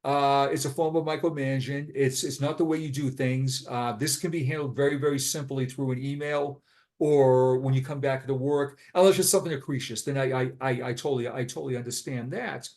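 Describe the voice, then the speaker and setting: Man, fifties, Boston accent, blunt and frank, mid-pitched voice, casual interview. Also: steady tone, fairly quick, a little mellow. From Boston, USA. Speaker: podcast guest, retired police sergeant.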